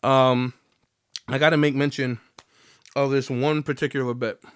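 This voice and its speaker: A man's voice: medium pitch, unhurried, smooth. A young man hosting his own podcast, chatting profanely and animatedly, with a voice still slightly off after being sick. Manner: profane, animated, breaks into sung bits. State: recovering from illness, voice slightly off. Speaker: podcast host. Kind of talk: casual solo podcast monologue.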